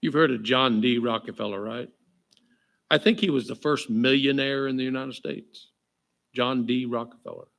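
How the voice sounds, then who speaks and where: A man preaching a sermon as pastor, joking with the crowd and checking in with "right?", then reading scripture aloud slowly and with emphasis. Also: mid-range voice, fairly even intonation, vocal fry, a bit bright. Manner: jokey, keeps asking the crowd "right?". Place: church.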